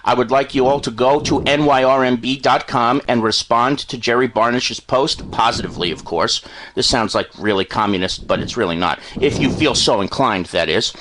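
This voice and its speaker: A man co-hosting casual radio talk, steady and matter-of-fact with blunt remarks. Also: mid-range voice, moderate pace, background noise. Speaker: radio co-host.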